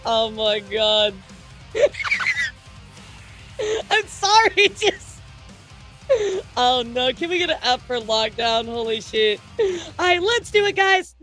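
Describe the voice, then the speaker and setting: A woman with a bright, high voice hosts a casual livestream news segment. She talks loosely to her chat, teasing and laughing often. Soft music plays faintly underneath. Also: sing-song, slow, long pauses. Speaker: streamer and news host.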